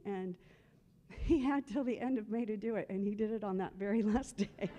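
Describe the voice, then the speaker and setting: Speaking at normal speed in a mellow, medium-pitched voice, a woman gives a humorous eulogy for her husband at his memorial, acting out remembered conversations.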